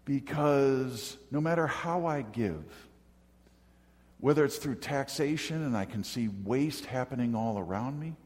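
A man serving as pastor, preaching a conversational sermon with reflective storytelling and gentle humor, from the northern United States. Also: mid-range voice, expressive, measured pace. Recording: hall reverb.

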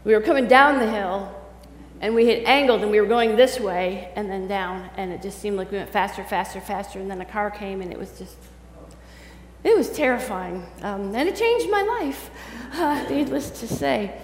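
Speaking at a normal speed in a medium-pitched voice, a woman preacher reads from scripture and then talks conversationally with her congregation, putting questions to them directly. The recording comes from a large, echoey church sanctuary with a faint hum.

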